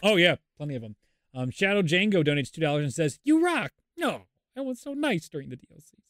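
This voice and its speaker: Laughing, animated male podcast co-host. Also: fairly high pitch, fairly quick, no room sound, studio quality. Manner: animated, laughs often, rambling. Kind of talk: casual chat.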